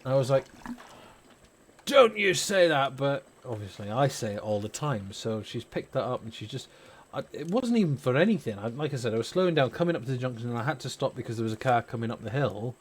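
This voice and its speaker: A man who is a parent hosts a gaming stream, rambling opinionatedly over gameplay and swearing freely. His mid-range voice is fast, with a breathy edge and hardly any pauses.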